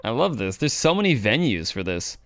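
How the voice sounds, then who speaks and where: A young man co-hosting a podcast in casual chat, riffing and building up to animated rants. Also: mid-range voice, a little fast, no echo, studio quality. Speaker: podcast co-host.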